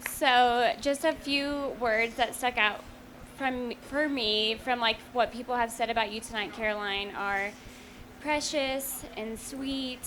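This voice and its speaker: A woman's voice: a little high, steady tone, slow, background noise. A young woman giving an earnest, rambling rehearsal dinner toast to her close friend, with many fillers.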